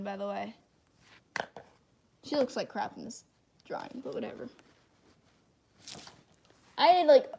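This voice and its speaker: A woman's voice: medium pitch, vocal fry, dark tone, a little hiss or hum. A woman hosting a casual livestream, rambling and thinking aloud while she draws, with many restarts. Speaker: channel host.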